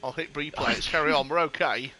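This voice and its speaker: A man commentating a sim race on a casual live stream, excitable, sweary and jokey. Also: on the high side, fairly quick.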